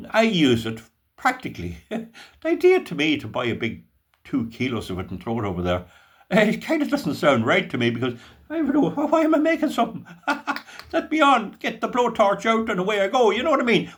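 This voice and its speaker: An older Irish man hosting his own channel, talking in a folksy, rambling monologue with restarts and asides. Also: medium pitch. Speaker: channel host. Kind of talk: casual monologue.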